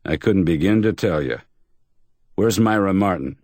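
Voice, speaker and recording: A man's voice: low voice, lively intonation, normal speed, darkish tone, no room sound, studio quality, pitched above the performer's own voice. A man voicing a tough, blunt male investigator in a crime story who asks curt, demanding questions.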